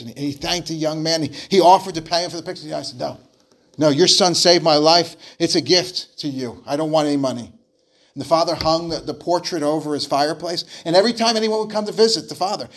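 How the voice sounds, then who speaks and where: A man preaching a sermon, telling an illustration story in an earnest way and often repeating words as he restarts phrases. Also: fairly high pitch.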